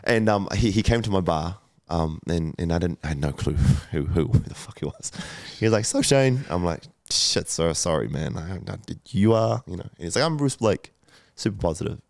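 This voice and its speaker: Low gravelly guy in his 30s on a podcast, swearing a lot, lots of ums, dry sound. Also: animated, moderate pace, few pauses, darkish tone, dry recording. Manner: emotional, swears often, many fillers and restarts. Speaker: podcast guest. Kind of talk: candid conversational storytelling.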